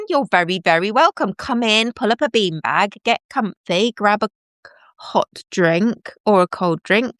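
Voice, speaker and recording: A middle-aged woman with a lowish, fairly bright voice chats with commenters on her live stream in a bubbly, self-deprecating manner. The recording is dry and studio quality.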